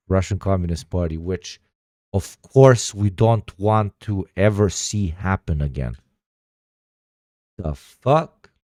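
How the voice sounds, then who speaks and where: Male livestreamer, lower voice, profane and sarcastic, close dry mic. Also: darkish tone, no echo. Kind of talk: casual livestream chat.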